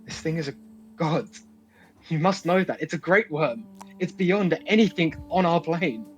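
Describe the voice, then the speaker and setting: A man's voice: a little high, animated, a little slow, lo-fi sound, soft background music, voice pushed up. A man playing a desperate young paladin who begs a divine being for help in urgent, pleading tones.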